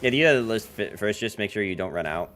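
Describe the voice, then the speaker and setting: Male streamer, bouncy lively pitch, rambling casual chat, lots of filler words, joking asides, faint music underneath. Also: quick pace. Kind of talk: casual livestream chat while playing a card game.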